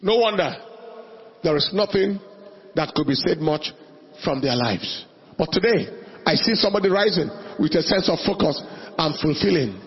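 A man preaching a sermon with passion, shouting scripture and drawing out his phrases. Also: high-pitched, highs cut off.

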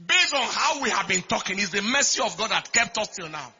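A man preaching a sermon, repeating phrases and swinging from quiet talk to shouted declarations. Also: sits high, very animated, brisk, hardly any pauses, slightly rough. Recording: dull lo-fi recording.

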